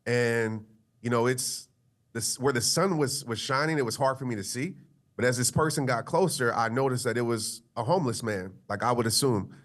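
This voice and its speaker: A man's voice: medium pitch, normal speed. A male motivational speaker telling a personal story in an interview, earnest and conversational, with frequent fillers.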